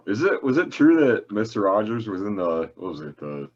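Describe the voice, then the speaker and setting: Brief: male co-host, low husky voice, lively pitch, dull lo-fi mic. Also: moderate pace. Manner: giggly, laughs often. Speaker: podcast co-host. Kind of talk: casual chat.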